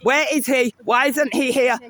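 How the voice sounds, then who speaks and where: A man's voice: very high voice, fairly even intonation, moderate pace, bright, forceful tone. A man protesting outdoors in a park, filming on his phone, accusing and repeating his demands with passion. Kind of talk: live confrontation filmed on phone. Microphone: handheld phone camera.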